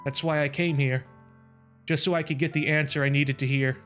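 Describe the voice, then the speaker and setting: A woman's voice: sits low, fairly even intonation, fairly quick, soft background music, close to an everyday voice. A man reading the lines of a cheerful teenage girl from a game, her forced cheer barely covering her pain. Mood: pained, resigned. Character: cheerful teen girl, heartbroken and fragile.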